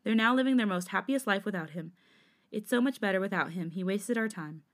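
A woman's voice: medium pitch, lively intonation, fairly quick, lightly acted. A woman voicing a protective younger man who swings between worry, outrage and comfort in a podcast fanfic reading. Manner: warm but fiery, swears when angry. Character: protective, indignant younger man, loyal friend.

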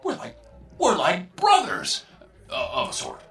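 A man's voice: high voice, wildly swooping pitch, a little slow, fairly bright tone, distant mic, exaggerated voice. An actor voicing a scheming male computer that fawns falsely over his captain. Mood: fawning. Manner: oily, fawning, sinister.

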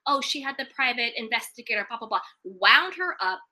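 A woman's voice: a little high, expressive, a little fast, sharp tone. A young woman chatting casually and animatedly, with a sassy, emphatic way of talking. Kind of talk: casual reality-TV gossip chat.

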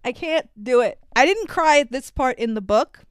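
A woman's voice: high-pitched, lively intonation, normal speed, clean tone, dry recording. Gushing young woman on a movie podcast. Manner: emotional, gushing, swears freely. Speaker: podcast co-host. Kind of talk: casual movie recap chat.

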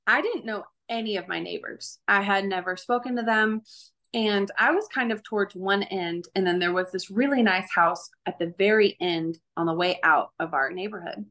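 A young woman shares her testimony in a mid-pitched voice. She speaks earnestly, animates the voices of people in her story, and laughs easily between thoughts. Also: normal speed, bright, forceful tone. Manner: earnest, laughs often, acts out quoted voices. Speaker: guest sharing her testimony. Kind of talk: conversational faith testimony.

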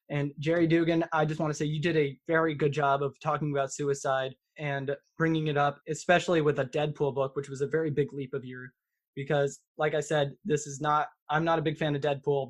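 A man hosting a podcast in casual chat, rambling with halting restarts. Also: a little high, little pitch movement. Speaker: podcast host.

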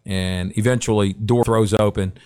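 A middle-aged man telling an insider sports story on a podcast, lively and acting out what people said, with lots of restarts. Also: fairly low pitch, normal speed, smooth. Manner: animated, acts out quotes, frequent restarts. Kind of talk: casual storytelling.

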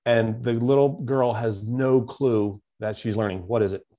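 Man, mid-pitched, reflective, storytelling, coach in an interview, quotes mantras. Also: fairly even intonation, a little slow, warm tone, dull audio. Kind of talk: conversational interview.

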